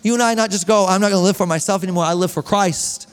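A man preaching a sermon as pastor, animated and reading scripture aloud to his congregation. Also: sits high, fast talker, clean tone, in a large hall. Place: church hall.

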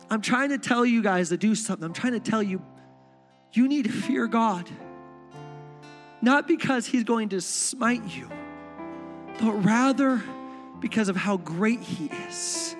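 A man preaching a sermon as pastor, impassioned, swinging between hushed tones and shouting. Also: sits high. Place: church stage. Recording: music under, reverberant hall.

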